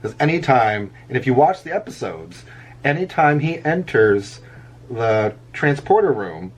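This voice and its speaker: A man's voice: medium pitch, slightly rough. A middle-aged man chatting casually while drawing, rambling through a story and chuckling often at his own jokes. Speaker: vlogger. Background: faint background music.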